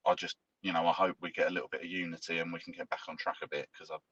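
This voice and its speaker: A man giving an earnest, measured interview answer with frequent pauses and fillers. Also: deep voice, little pitch movement, fairly bright tone, breathy edge. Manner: measured, hesitant, many fillers. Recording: dull lo-fi clip from a distance.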